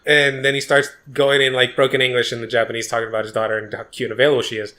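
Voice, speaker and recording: A man's voice: medium pitch, level tone, racing, sharp tone. A man co-hosting a podcast, telling a rambling, profane story with many restarts in casual chat. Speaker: podcast co-host.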